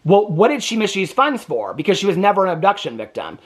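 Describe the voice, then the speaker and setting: A man's voice: high voice, very animated, quick pace. A man hosting a TV reaction channel, giving opinionated commentary in an indignant, emphatic way and stressing points with a repeated "okay?". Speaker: TV reaction host.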